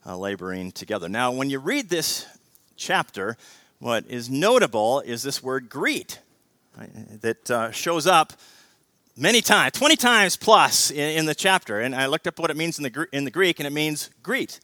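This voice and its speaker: Animated pastor with a bright, forceful voice. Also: male voice, mid-range voice, normal speed, no echo. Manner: animated, swings between loud emphasis and quiet intensity, repeats words, asks "right?". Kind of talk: sermon.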